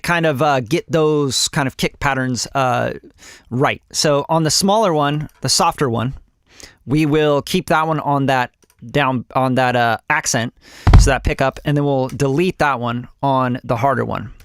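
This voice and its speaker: A man's voice: mid-range voice, normal speed, clean tone, no room sound, clean studio sound. A man teaching music production on a casual live stream, loose and chatty with lots of fillers, humming drum rhythms and swearing offhandedly.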